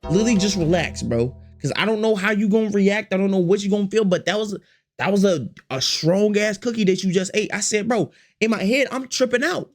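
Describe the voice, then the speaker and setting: A man's voice: sits high, brisk, faint music behind. A man telling a storytime to his chat in a slangy, profane way, repeating phrases and acting out the quotes. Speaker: storytime vlogger.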